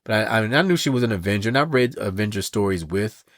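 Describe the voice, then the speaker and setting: A man co-hosting a podcast, casually recapping a comic book story in a sassy, animated way. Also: on the low side, quick pace, dry recording. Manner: animated and sassy, reads quotes in voices. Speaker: podcast co-host.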